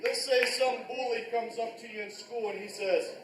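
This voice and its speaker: A man teaching a live karate class, barking short commands and shouting counts, recorded in a restaurant event space from a distance. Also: extremely high pitch, fairly even intonation, normal speed, very noisy. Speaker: martial arts instructor. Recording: echoey room, picked up from far off.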